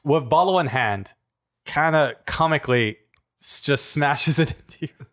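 Male game master, easygoing narrator, halting casual delivery. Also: fairly high pitch, fairly bright tone. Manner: casual, hesitant, many fillers and laughs.

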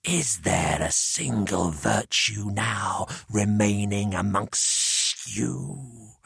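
A man voicing the hissing severed head of a stern, autocratic old tyrant, slow and menacing. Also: lowish voice, gravelly, a bit bright, husky, no room sound, clean studio sound, exaggerated voice.

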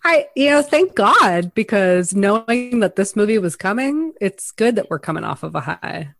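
A woman co-hosting a casual podcast, playful and animated. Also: medium pitch, moderate pace, vocal fry, dry recording. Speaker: podcast co-host. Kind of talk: casual chat.

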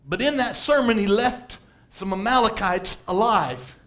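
Man, preacher, very high-pitched, impassioned sermon, hushed asides and shouted emphasis, repetitive. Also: animated, unhurried. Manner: repeats phrases for stress.

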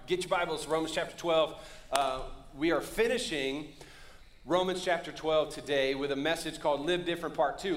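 A man preaches to his congregation with a slightly high voice, mixing jokes with calls for the crowd to answer him. The sound carries the echo of a large church room. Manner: joking, calls for audience response. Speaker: pastor. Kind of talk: sermon. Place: church sanctuary.

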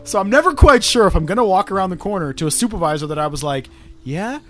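Teasing podcast host, high voice. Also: male voice, sing-song, pushed and bright, faint music behind. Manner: teasing, crude, quick storytelling. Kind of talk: casual podcast banter.

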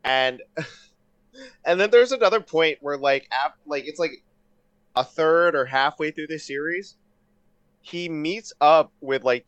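A man in casual podcast chat, excitable and rambling, swearing often with lots of fillers. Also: mid-range voice, lo-fi sound.

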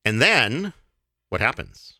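A man hosting a casual podcast, talking in a halting way with many fillers and restarts. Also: medium pitch, very animated, bright, forceful tone, no echo, clean studio sound. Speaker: podcast host.

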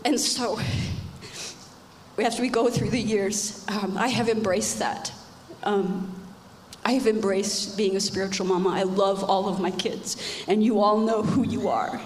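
A woman's voice: mid-range voice, steady tone, measured pace, darkish tone. A middle-aged woman giving an emotional personal testimony at church, emphatic and repeating her phrases. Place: church hall. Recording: echoey hall with faint background noise.

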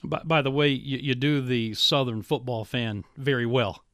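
A man hosting a radio talk show, interviewing a guest in a chatty, quick-talking way. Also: mid-range voice, steady tone, fairly bright tone, no room sound, clean studio sound. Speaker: host.

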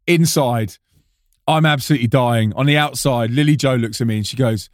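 A man in a lively storytelling monologue, self-mocking and quick to restart his sentences. His voice sits at an ordinary middle pitch. It is recorded close and dry, with no room sound. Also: no room sound. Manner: animated, self-mocking, often restarts and repeats words. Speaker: preacher and band frontman.

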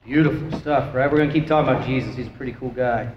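A man's voice: medium pitch, fast talker. A man, a pastor, teaching a Bible class in a casual, joking way and asking the class questions. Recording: echoey hall, dull lo-fi sound, faint noise.

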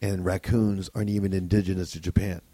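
A man's voice: low-pitched, little pitch movement, quick pace, mellow, no echo. A man who does stand-up comedy, telling a profane story on a podcast in a ranting, conversational way. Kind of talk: casual podcast chat.

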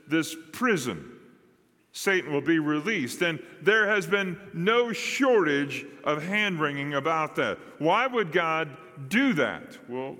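A man preaching a sermon as pastor, with dramatic pauses and rising and dropping emphasis. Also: fairly high pitch, sharp tone. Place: church sanctuary. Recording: long hall reverb.

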